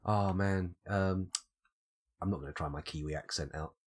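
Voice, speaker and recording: A man's voice: low voice, normal speed. A British man with a cold, thinking aloud as he streams live gameplay commentary and muses over his options. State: has a cold, coughing.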